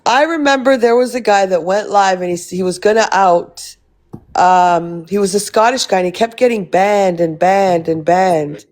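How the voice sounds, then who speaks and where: A woman hosts a casual live stream, reading and answering her viewers' comments. She talks in a blunt, rambling way and swears freely. Her voice sits at an ordinary mid pitch. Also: moderate pace, darkish tone.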